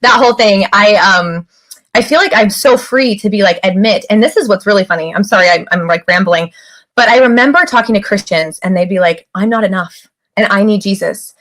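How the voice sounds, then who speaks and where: A woman's voice: mid-range voice, brisk, fairly bright tone. A woman guest on a podcast, an author, telling her story candidly and acting out quoted voices. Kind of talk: casual interview chat.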